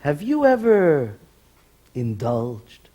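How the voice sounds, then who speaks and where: A man's voice: fairly high pitch, wildly swooping pitch, very slow, dark tone, voice pushed down, full character voice. A man voicing a curious, coaxing priest in a stage joke. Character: curious male priest, confiding.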